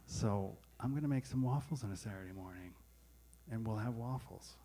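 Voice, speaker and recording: A man's voice: on the low side, normal speed, dark tone. Candid man telling a personal story on stage. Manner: candid, wry, self-deprecating. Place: stage at a live storytelling event.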